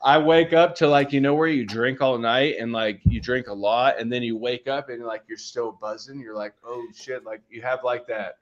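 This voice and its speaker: A man's voice: medium pitch, moderate pace, hardly any pauses, muffled recording. Laid-back rambling man telling a story. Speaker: podcast co-host. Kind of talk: casual storytelling.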